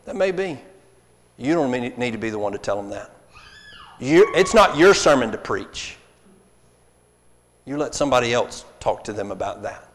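A man's voice: medium pitch, big pitch swings, moderate pace, pauses often. Earnest preacher man in a reverberant hall. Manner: earnest, pleading, acts out quoted apologies. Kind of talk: sermon. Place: church hall. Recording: long reverb of a church hall.

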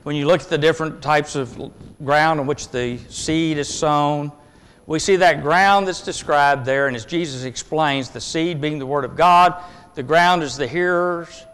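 Male preacher, fairly high voice, earnest and emphatic, long reverb behind him. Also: a little slow, clear, resonant tone. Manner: earnest, emphatic, swings between loud and hushed. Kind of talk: sermon.

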